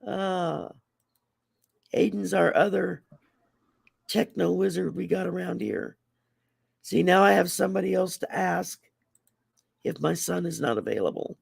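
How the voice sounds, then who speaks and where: Gravelly Southern woman hosting a livestream. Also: fairly low pitch, unhurried, long pauses, no echo. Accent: Southern US Gulf Coast, Texas drawl and Cajun blend. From Louisiana, US Gulf Coast. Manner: chatty, laughs often, folksy. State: teary-eyed from allergies. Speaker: livestream host. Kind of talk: casual livestream chat.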